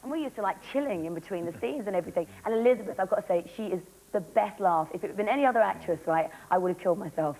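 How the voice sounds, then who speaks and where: An actress being interviewed on a talk show, rambling and giggly, with a slightly hoarse voice. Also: female voice, medium pitch, a little mellow, poor audio. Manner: rambling, giggly, fast storyteller. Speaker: guest actress.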